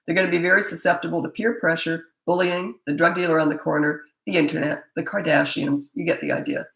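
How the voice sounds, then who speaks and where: A woman's voice: low-pitched, steady tone, fast talker, gravelly. A middle-aged woman, a parenting coach, answering viewer questions in a blunt, emphatic and opinionated way. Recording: echoey room.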